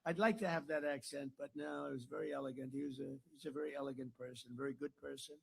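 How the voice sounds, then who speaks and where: A man's voice: medium pitch, steady tone, quick pace, gravelly, slightly rough. An older American man giving an after-dinner speech at a podium mic in a dinner hall, rambling, repeating himself and boasting. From United States. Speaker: political speaker.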